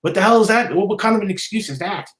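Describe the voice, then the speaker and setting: A man's voice: high-pitched, fast talker, fairly bright tone. A man hosting a solo sports podcast, ranting in a heated, indignant way, repeating himself and stumbling over restarts. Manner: heated, repetitive, stammering restarts; indignant, scolding. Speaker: podcast host.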